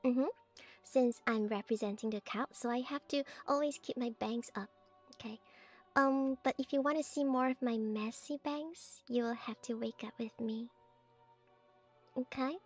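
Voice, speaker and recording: A woman's voice: fairly high pitch, normal speed, a little mellow, faint music behind. A woman VTuber chatting playfully on stream, teasing her viewers in a cult-priestess persona. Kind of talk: playful stream chat showing off her avatar.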